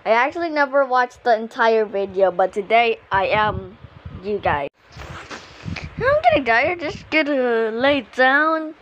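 A woman giving casual commentary on her own gameplay, exclaiming excitedly at whatever happens on screen. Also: fairly high pitch, unhurried, lo-fi sound, slight background noise. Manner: excitable, exclaiming at the game as she plays. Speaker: gamer streaming her own play.

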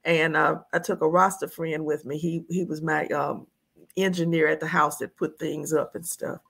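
This is a woman from the United States chatting as a guest. Her voice sits low, with a gravelly, husky texture. She tells stories in a lively way and laughs often. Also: moderate pace. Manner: animated storyteller, laughs often. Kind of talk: casual conversation, storytelling.

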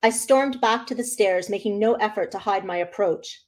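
Woman author reading her novel aloud; expressive first-person delivery. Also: medium pitch, moderate pace.

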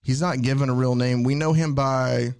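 A man's voice: mid-range voice, steady tone, moderate pace, gravelly, darkish tone, smooth. A man hosting a podcast in casual chat, telling a comic book story step by step. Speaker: podcast host.

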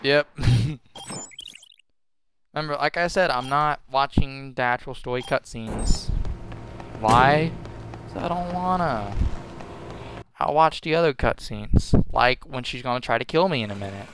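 A man's voice: medium pitch, measured pace, long pauses, a little hiss or hum. A young man giving casual, profane, joking commentary to his viewers while he plays a video game. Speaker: gaming video host. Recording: game music loud behind the voice. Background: game music.

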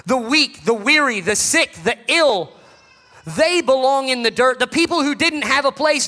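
High, bright-voiced preacher man. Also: animated, moderate pace, in a large hall. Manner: dramatic, building to shouts then dropping low. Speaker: pastor. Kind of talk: sermon. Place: church sanctuary.

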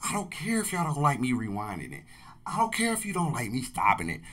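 A man hosting a casual music reaction, excitable, repeating lines back and calling out "bro". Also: mid-range voice, fast talker. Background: faint music.

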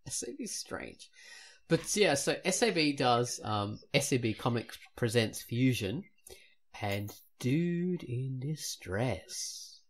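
A woman's voice: a bass voice, very animated, a little slow. A woman co-hosting a casual podcast, rambling with self-mocking asides. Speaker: podcast co-host.

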